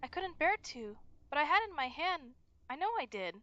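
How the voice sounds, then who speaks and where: A woman's voice: high voice, very animated, brisk, pushed and bright, muffled recording, full character voice. A woman voicing a frightened, timid teenage schoolgirl while reading game dialogue aloud, with anxious, breathless pleading.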